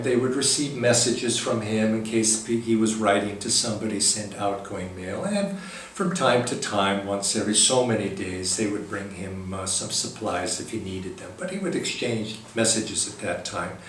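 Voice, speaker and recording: A spiritual teacher with a fairly low, animated voice tells a story gently and haltingly, pausing often. He sounds distant in a very echoey hall, with a faint hum of room ambience behind him.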